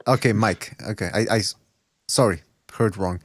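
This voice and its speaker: A man's voice: lowish voice, moderate pace, dry recording, clean studio sound. Joking, profane podcast host man. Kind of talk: casual podcast banter.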